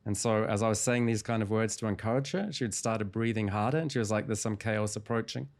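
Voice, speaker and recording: Guesting in an interview, a man with a fairly low voice works as a hypnotherapist and recounts a client's experience. His delivery is calm and measured as he takes the listener through the session step by step.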